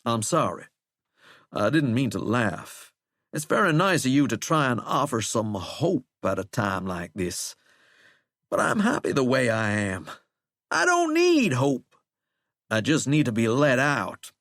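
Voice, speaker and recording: The shackled, cursed character, played by a male narrator, comes across sing-song and measured, his sardonic drawl coaxing, wry, mocking and folksy. Pitch swoops as he speaks loud and raised, close to a dry audiobook mic with no echo.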